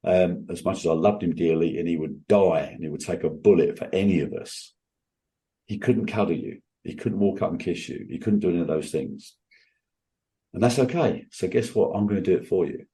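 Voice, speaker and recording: A man's voice: low voice, a little fast, mellow. A man, a guest on an interview show, telling personal stories in an earnest, emphatic way with frequent restarts. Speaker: guest entrepreneur.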